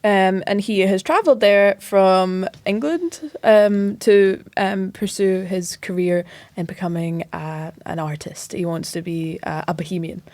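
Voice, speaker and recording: A woman's voice: medium pitch, unhurried, hardly any pauses, darkish tone, no echo. A woman, co-hosting a podcast and chatting casually about a film, recapping the plot with lots of ums and a bit of swearing. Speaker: podcast co-host.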